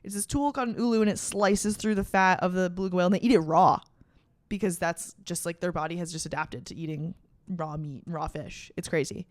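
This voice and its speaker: A woman's voice: lowish voice, steady tone, fairly quick, dry recording, clean studio sound. A young adult woman hosting a podcast, retelling a story in casual, profane, slang-filled chat with dramatic emphasis. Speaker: podcast host.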